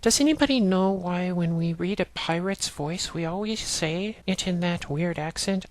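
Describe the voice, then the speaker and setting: A woman's voice: fairly low pitch, normal speed, few pauses, dry recording. A woman narrating a walkthrough of an old text adventure game, plainly reading commands and game text aloud and explaining each step. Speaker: let's play narrator. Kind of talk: let's play walkthrough narration.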